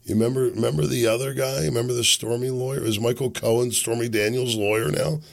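Gravelly, sardonic commentary host. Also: male voice, medium pitch, steady tone, fast. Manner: sardonic, rambling, chuckling asides. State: sick. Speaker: podcast host. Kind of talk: casual political commentary.

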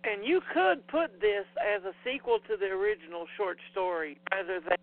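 A man's voice: sits high, sing-song, normal speed. A man co-hosting a casual film chat, blunt and emphatic. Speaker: podcast co-host. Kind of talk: casual chat about films. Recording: tinny phone-like sound.

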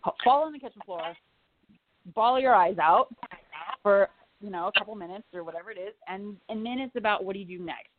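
A woman's voice: medium pitch, fairly quick. A woman in her forties, a guest in a casual chat, talking candidly, swearing freely and laughing easily. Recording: tinny phone-like line with faint noise.

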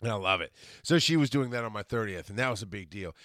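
A man's voice: on the low side, quick pace, dry recording. Rambling man in his forties, dry close sound. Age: 40s. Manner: rambling, restarts and self-corrections, animated when quoting others. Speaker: podcast host. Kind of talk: casual solo monologue.

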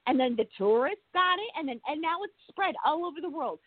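A woman's voice: high voice, dry recording. A woman in casual chat, ranting and swearing freely, easily worked up. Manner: profane, excitable, rants fast. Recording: tinny phone line.

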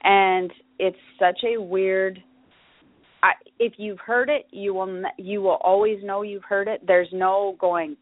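A woman's voice: medium pitch, steady tone, unhurried, no room sound. A woman hosting a podcast, explaining her topic in a chatty way, with fillers and restarts. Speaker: podcast host. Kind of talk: casual solo podcast talk. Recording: dry phone-like audio.

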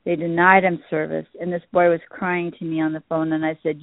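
A woman's voice: low voice, level tone, brisk, dry recording. A woman guest on a call-in show, telling stories in an earnest, emotional way. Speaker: guest, shop owner. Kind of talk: casual interview chat. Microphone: phone call. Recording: dry tinny phone line.

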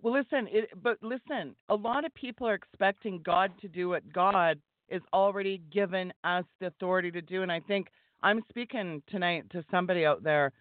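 A woman's voice: lowish voice, fairly quick, hardly any pauses, dry recording. Fervent woman preaching over a phone line. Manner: emphatic, exhorting. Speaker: guest. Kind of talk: fervent preaching-style talk. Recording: tinny phone line, dry.

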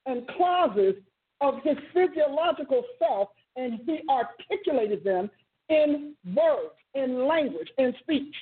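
A woman preaching a sermon with passion, repeating and rephrasing her words and breaking into sudden exclamations. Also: sits high. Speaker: preacher and teacher. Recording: tinny phone-like sound.

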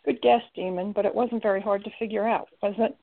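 A woman's voice: mid-range voice, steady tone, fairly quick, vocal fry, natural voice. A woman voicing a sneering witch villain. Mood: taunting. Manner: mocking, sneering. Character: cruel taunting female witch villain. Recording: tinny lo-fi recording.

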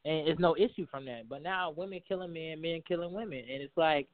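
A man's voice: fairly high pitch, brisk. A man hosting a casual talk show, asking questions and rambling while he searches for words. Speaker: host. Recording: phone-like narrow sound.

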